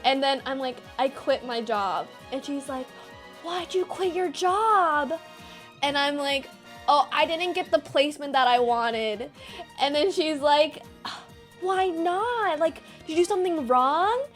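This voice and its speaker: Young woman streamer, high voice, animated storyteller who swears, faint music underneath. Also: measured pace. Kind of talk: casual storytelling to chat.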